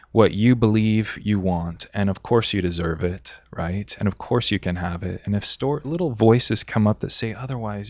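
A man's voice: lowish voice, no room sound. A man who works as a spiritual life coach, speaking as a guest on a radio talk show in an encouraging, casual way. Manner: encouraging, with frequent restarts. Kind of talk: casual interview chat. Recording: dull lo-fi internet radio sound.

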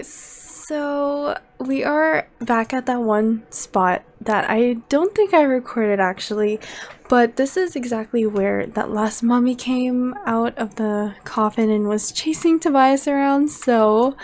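A young woman with a high voice talks through her gameplay in a slow, unhurried way. She comments casually and reacts easily, gasping and laughing at what the game throws at her. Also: a little mellow. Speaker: let's play gamer.

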